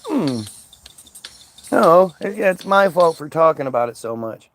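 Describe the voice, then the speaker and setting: A man's voice: a little high, expressive, a little slow, slight background noise. A man ranting angrily in a commentary video, profane and sarcastic, and at times mocking others in put-on voices.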